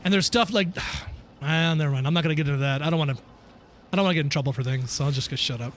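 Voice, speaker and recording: A man with a fairly high voice chats casually while he plays a game on stream. He rants and swears freely, answers viewers' questions between tangents, and laughs at his own outbursts. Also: very fast, fairly bright tone, slight background noise. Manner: ranting, swears often, laughs at himself; reads and answers chat while playing. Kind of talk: casual live-stream chat.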